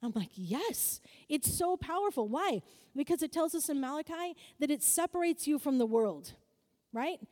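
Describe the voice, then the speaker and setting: High-pitched woman preaching in a big echoey hall, mellow tone, chatty and upbeat. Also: moderate pace. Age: adult, married. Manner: lively, calls for audience answers, acts out quoted voices. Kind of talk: sermon-style teaching to a group. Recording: long hall reverb.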